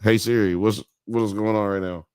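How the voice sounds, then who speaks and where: A man's voice: fairly low pitch, brisk, clear, resonant tone, dry recording. A man hosting a live stream, reading chat comments aloud in a casual, joking way with frequent laughter and swearing. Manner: animated, laughing, mock accents, swearing.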